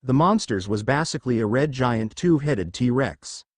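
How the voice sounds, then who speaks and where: A young man narrating a fan fiction story in a plain, steady way. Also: medium pitch, measured pace, no echo, clean studio sound.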